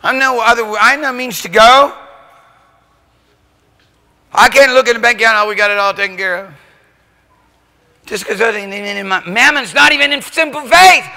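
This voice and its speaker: A man preaching a church sermon, telling a story and building to shouted climaxes. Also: sits high, steady tone, normal speed, long pauses. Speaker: pastor. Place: church sanctuary. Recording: church hall reverb.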